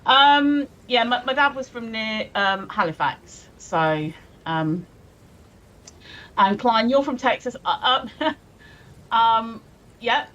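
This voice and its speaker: A woman's voice: fairly high pitch, lively intonation, slow pace, long pauses, fairly bright tone, highs cut off. A woman co-hosting a casual live stream, giggling often as she reads viewers' messages aloud. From England. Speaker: stream co-host.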